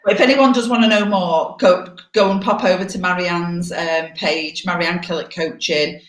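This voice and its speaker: Lower-voiced woman chatting on a video call. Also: fairly even intonation, normal speed. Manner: chatty, candid and teasing. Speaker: co-host. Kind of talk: casual live chat. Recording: echoey room on a video call.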